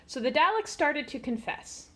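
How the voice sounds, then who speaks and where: A woman storyteller giving an animated storybook reading aloud. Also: high-pitched, moderate pace.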